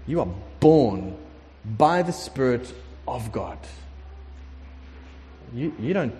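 A man preaching a conversational sermon, emphatic and lively, sometimes acting out prayers. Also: mid-range voice, takes it slowly. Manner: conversational, emphatic, acts out prayers in shifting voices. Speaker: pastor. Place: warm room with congregation. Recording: long hall reverb.

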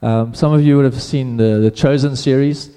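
A man's voice: medium pitch, fairly even intonation, normal speed, warm tone, clear, resonant tone, in a large hall. A man preaching a sermon in a casual, conversational way, often restarting his phrases.

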